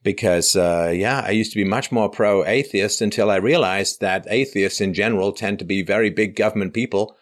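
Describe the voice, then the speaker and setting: A man with a fairly low voice argues his points with animation in a political discussion. He backs up his claims with anecdotes and talks with conviction. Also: moderate pace, few pauses. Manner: animated, argumentative storyteller.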